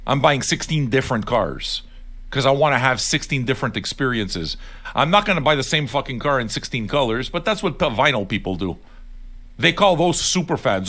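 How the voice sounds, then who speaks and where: A man's voice: mid-range voice, animated, a little fast, fairly bright tone. An older man hosting a livestream, ranting bluntly and swearing often as he talks straight to his viewers. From Neapolitan heritage. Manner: blunt, sweary and argumentative, addressing viewers directly. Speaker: livestream host. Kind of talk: profane casual rant on a livestream.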